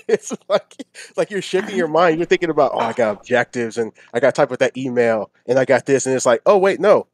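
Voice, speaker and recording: A man's voice: medium pitch, expressive, brisk. A man answering as a guest in a casual podcast interview, upbeat and talkative with many fillers, on a call mic. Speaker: featured guest streamer.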